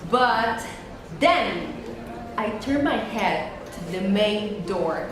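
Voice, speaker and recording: A woman, telling a storytime vlog and acting out quotes with dramatic jumps in pitch. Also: animated, drawn-out words. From Mexico. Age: 30s. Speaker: vlogger. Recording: very echoey room, faint music.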